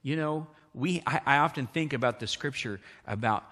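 A man preaching a sermon as pastor, animated and often asking the congregation questions. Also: mid-range voice, normal speed, hardly any pauses. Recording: long hall reverb.

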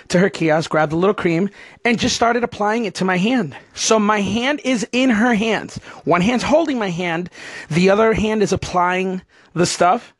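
High-voiced chatty male host. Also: no echo. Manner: animated, chatty, laughs while telling stories. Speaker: podcast host. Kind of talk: casual storytelling chat.

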